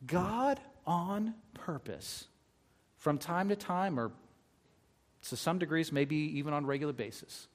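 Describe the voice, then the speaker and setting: Male pastor, slightly high voice, conversational sermon with scripture readings. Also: expressive, measured pace.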